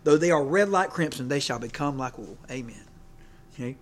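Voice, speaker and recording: A man's voice: mid-range voice, lively intonation, moderate pace. Folksy man preaching a casual sermon. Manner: folksy, rambling, checks in with listeners. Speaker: preacher and coach.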